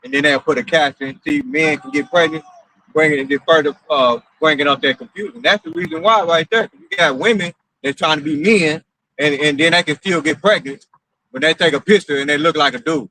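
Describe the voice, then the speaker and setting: Man, casual conversation, bright tone, slightly high voice. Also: brisk, a little hiss or hum, poor audio. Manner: agreeing, conversational, reads scripture aloud. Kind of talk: casual chat.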